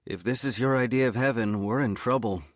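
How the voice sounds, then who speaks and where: A man's voice: medium pitch, a little fast, dry recording, studio quality, pitched above the performer's own voice, lightly acted. A man voicing a wry, teasing young woman teacher in an audiobook. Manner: playful, teasing. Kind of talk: audiobook character voice.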